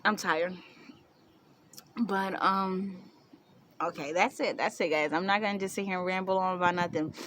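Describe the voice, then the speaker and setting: A woman's voice: on the low side, normal speed, long pauses, fairly bright tone, a little hiss or hum. A young woman tells a story to camera in a chatty way, laughing and acting out what people said. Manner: chatty, laughing, acts out quotes with squeals. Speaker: vlogger.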